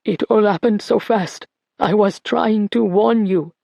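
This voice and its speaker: A woman voicing a frail, remorseful old man who speaks in a raspy, pleading way. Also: mid-range voice, unhurried, dark tone, no room sound, lo-fi sound. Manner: pleading, tearful.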